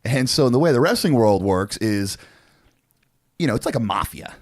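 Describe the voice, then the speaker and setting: A man in his forties, co-hosting a podcast, telling a story in a casual, animated way with lots of swearing and fillers. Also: mid-range voice, normal speed, dry recording, clean studio sound. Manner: animated, profane, frequent fillers. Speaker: podcast co-host.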